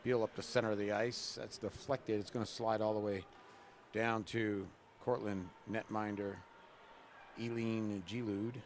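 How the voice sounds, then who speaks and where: A man doing relaxed, chatty live play-by-play of a college women's hockey game at a rink. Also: fairly low pitch, moderate pace, slight background noise. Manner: relaxed, chatty, jokes with the camera person between plays. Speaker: play-by-play announcer.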